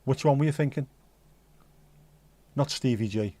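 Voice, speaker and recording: A man's voice: medium pitch, unhurried, warm tone, no echo. A middle-aged man with a Liverpool accent, hosting a livestream and chatting casually to his live chat with jokey, rambling asides. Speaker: livestream host.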